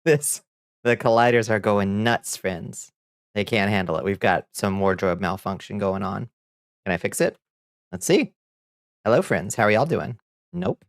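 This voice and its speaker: A relaxed man streaming live, talking loosely with his chat and laughing easily between remarks. His voice sits on the low side, recorded close and dry with almost no room sound. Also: normal speed, no room sound. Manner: laid-back, chuckles often, greets chat by name. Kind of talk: casual livestream chat.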